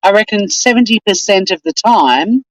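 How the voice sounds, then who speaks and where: A woman's voice: medium pitch, animated, moderate pace, dry recording, low-quality recording. A woman with an Australian accent, hosting a casual live stream and chatting in a rambling, exasperated way.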